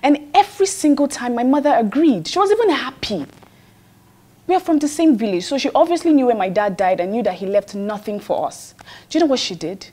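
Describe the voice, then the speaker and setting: Troubled young daughter, Nigerian accent, lively up-and-down voice, earnest. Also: female voice, fairly high pitch, brisk. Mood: exasperated. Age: young adult. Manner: upset, earnest, exasperated. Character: distressed young daughter pressed into marriage.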